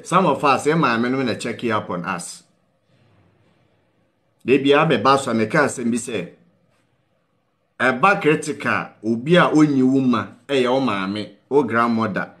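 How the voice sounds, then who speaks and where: A man's voice: medium pitch, fairly bright tone. A man with a Ghanaian accent hosting a call-in talk show, switching between Twi and English and prodding viewers with questions as he gives earnest advice. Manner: keeps prodding viewers with "What you say?", mixing Twi and English; earnest, pleading, advice-giving tone. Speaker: host.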